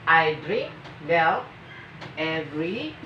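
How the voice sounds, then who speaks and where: Woman teacher, slow and lively in pitch, grammar lesson, recorded from afar in an echoey room. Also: noisy background. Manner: slow, emphatic reading of example sentences. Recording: echoey, muffled room from a distance.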